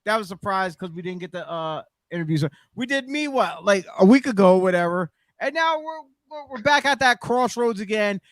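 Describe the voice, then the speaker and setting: A man's voice: sits high, expressive, brisk, hardly any pauses, no echo. A man hosting a casual wrestling podcast, rambling with fillers and hyping guests like a ring announcer. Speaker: podcast host.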